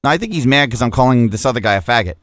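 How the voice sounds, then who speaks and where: A man's voice: mid-range voice, expressive, rapid-fire, a bit bright, no room sound. A man hosting a casual radio show, reading listener messages with crude, mocking, profane banter while sneezing through an allergy attack.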